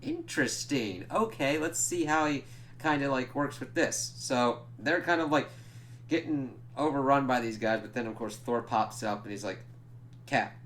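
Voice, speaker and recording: A man with an ordinary mid-pitched voice chats through a comic book review. He retells the plot in a loose, meandering way, as if talking to friends. A faint hum sits under the recording. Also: moderate pace, a bit bright. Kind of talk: casual spoken review.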